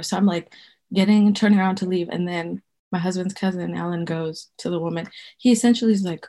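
Brief: thirties woman from Zimbabwe, podcast guest, loose rambly storyteller, slightly low pitch. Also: fairly even intonation, fairly quick, warm tone. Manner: rambling, full of "like" fillers. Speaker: guest herbalist. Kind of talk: casual storytelling.

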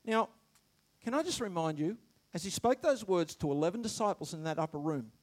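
A man preaching a sermon, animated, shouting some phrases and dropping to quiet asides, stammering when excited. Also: sits high, brisk. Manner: animated, swings between loud shouts and quiet asides, laughs often.

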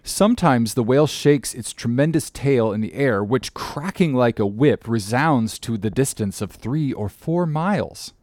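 A man narrating an audiobook in a measured, formal reading manner. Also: medium pitch, lively intonation, darkish tone, no room sound, clean studio sound.

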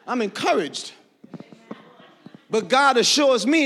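A male preacher with a high-pitched voice and big pitch swings delivers a fervent sermon in church, taking it slowly. He gets worked up, breaking into shouts and laughter.

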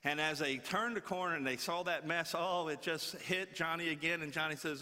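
A male preacher tells stories to his congregation in a folksy, animated way, leaning on repetition. His voice sits a little high and sounds bright and forceful. Long reverb from a big church hall follows each phrase. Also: moderate pace. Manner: folksy, animated, repeats words for effect. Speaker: guest preacher. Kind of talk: sermon with storytelling.

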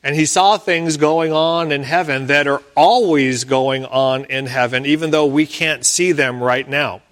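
A man delivers a sermon at an unhurried, deliberate pace, his voice sitting a little higher than most men's. He explains scripture patiently, pausing between phrases. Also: steady tone, a bit bright. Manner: slow, measured preaching with careful pauses. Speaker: pastor.

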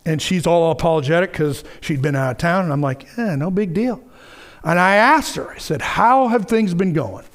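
A man's voice: on the high side, expressive, normal speed, hardly any pauses. A middle-aged man preaching a sermon, earnest and repetitive, telling a story with stammered restarts. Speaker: pastor.

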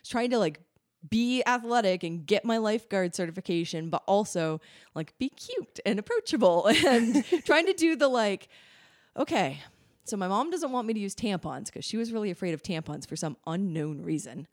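A young adult woman co-hosting a casual podcast, her voice sitting at an ordinary middle pitch. She rambles through personal stories in a chatty way, full of "like" fillers and quick laughs. The recording is close and dry, with no room sound. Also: expressive, dry recording. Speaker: podcast co-host. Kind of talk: casual chat.

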